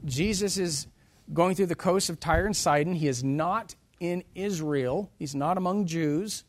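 A man preaching a sermon in a slightly raised register. He reads scripture in old-style wording, then retells it in plain everyday words. His delivery is dramatic, swinging between loud emphasis and soft asides. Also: a little high, unhurried.

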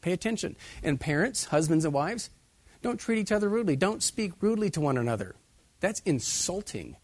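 A man's voice: sits high, very animated, brisk, a little mellow, no echo. A man preaching a sermon as pastor, putting many direct questions to his listeners.

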